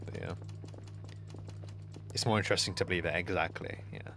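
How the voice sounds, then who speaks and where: A young man streaming a game, chatting casually and rambling through a story with lots of fillers and restarts, sometimes dropping to quiet mumbled asides. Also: sits low, fairly even intonation, fast, vocal fry, pauses often, background noise. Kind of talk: casual chat while gaming on stream.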